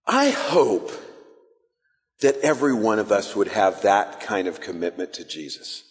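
A young man preaching a sermon as pastor, animated and casual, acting out the disciples' voices as he tells the story. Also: lowish voice, measured pace, big-room sound.

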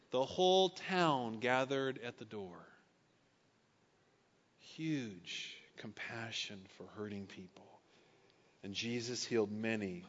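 Pastor in an echoey hall. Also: male voice, medium pitch. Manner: conversational asides between scripture readings. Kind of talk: sermon. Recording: echoey hall, dull lo-fi sound.

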